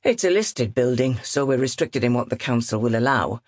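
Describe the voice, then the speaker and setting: A woman reading as a brisk male estate agent. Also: a bass voice, lively intonation, darkish tone, no room sound, clean studio sound. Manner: brisk and breezy. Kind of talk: audiobook character reading.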